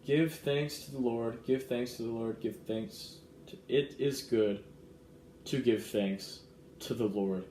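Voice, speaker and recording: A young man vlogging in an earnest, excitable way, reading a gift card and verses aloud. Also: medium pitch, takes it slowly, a little hiss or hum. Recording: roomy echo with faint ambience.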